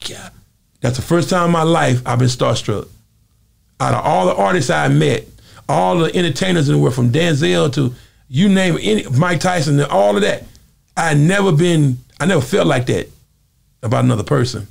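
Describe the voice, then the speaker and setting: A man telling stories in a casual interview, acting out the people he quotes with lively energy. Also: a little high, moderate pace, gravelly. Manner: animated storyteller, acts out quotes. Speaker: guest.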